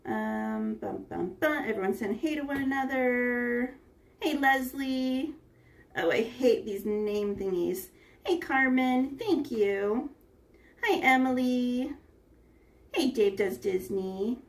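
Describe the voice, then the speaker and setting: A woman's voice: fairly high pitch, takes it slowly, far from the mic. A woman hosting a casual cooking livestream, chatting with her viewers and greeting them one by one by name. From United States. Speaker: livestream host. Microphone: phone front camera.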